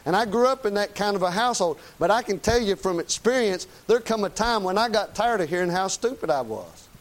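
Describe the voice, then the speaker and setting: A man's voice: high voice, expressive, brisk. A middle-aged man, preaching a folksy, plain-spoken, emphatic sermon. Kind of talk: conversational sermon.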